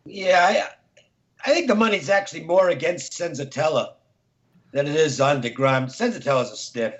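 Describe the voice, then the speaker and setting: A man's voice: on the high side, moderate pace, reverberant, highs cut off. A man, a sports handicapper, talking through betting picks in a conversational, analytical way.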